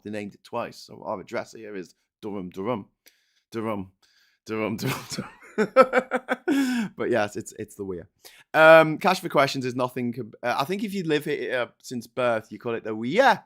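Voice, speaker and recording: A man with a mid-range voice hosts a casual livestream from home, reading the chat aloud, ranting sarcastically and laughing between lines.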